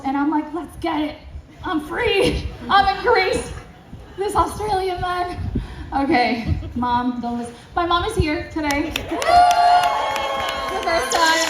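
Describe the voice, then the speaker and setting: A woman vlogger casually telling an animated story to camera, acting out dialogue and laughing often. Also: high-pitched, recorded from a distance, a little hiss or hum. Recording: roomy echo, away from the mic.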